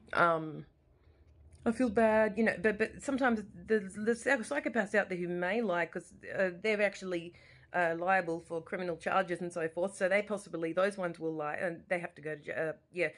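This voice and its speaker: An Australian woman in her forties, talking straight to camera at home in an impassioned, rambling way that often repeats itself. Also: on the low side. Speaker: vlogger. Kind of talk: emotional personal monologue. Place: living room at home.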